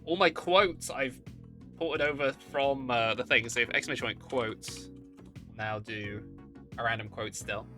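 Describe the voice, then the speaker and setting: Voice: medium pitch, a little slow, music in the background. A streamer chatting live, greeting viewers with bubbly, goofy exclamations.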